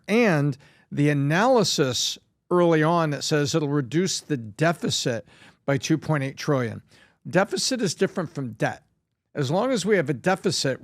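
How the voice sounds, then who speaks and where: A man's voice: fairly high pitch, lively intonation, normal speed, dry recording, studio quality. A man on a podcast panel giving confident, emphatic opinions. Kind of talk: casual panel discussion.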